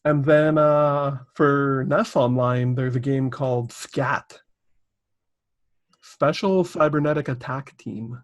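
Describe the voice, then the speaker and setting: A man chatting casually as co-host of a gaming podcast. He rambles through news items, stopping often for ums and uhs. His voice sits at an ordinary middle pitch. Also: fairly even intonation, slow pace. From Canada. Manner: rambling, filler-heavy news reading. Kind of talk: casual chat.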